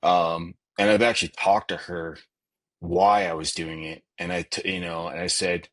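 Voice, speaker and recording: A man's voice: low voice, level tone, moderate pace. A middle-aged man talking as a podcast guest, rambling and leaning on "you know" fillers. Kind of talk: casual conversation.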